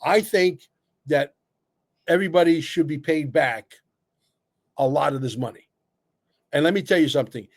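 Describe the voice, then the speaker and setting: Blunt guy ranting on a livestream, kinda high voice, lots of uhs and swearing. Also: moderate pace, long pauses. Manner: blunt and emphatic, cursing, with repeated fillers. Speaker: livestream co-host. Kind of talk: opinionated livestream talk.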